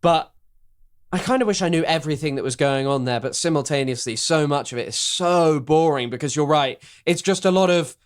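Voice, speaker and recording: Sardonic English man, slightly high voice. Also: fairly quick, clean tone. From England. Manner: rambling, sardonic, lots of fillers and restarts. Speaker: podcast co-host. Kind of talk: casual political chat.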